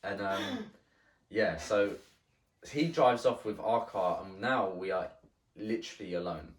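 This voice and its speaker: A man telling a story in casual podcast chat, halting and swearing, with many restarts. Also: deep voice. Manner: halting and profane, with frequent restarts. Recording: roomy sound from a distant mic.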